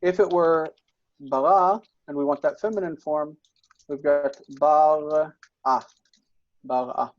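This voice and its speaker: A man's voice: on the high side, unhurried, highs cut off. A man tutoring Biblical Hebrew grammar, patient and explanatory, checking in often with his students. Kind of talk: online tutoring session.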